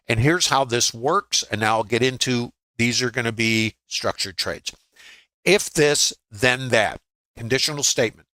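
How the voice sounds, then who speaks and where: A man's voice: mid-range voice, sharp tone, no echo, rough recording. An older man teaching a live trading webinar, talking conversationally with dry humor and frequent filler words. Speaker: trading educator.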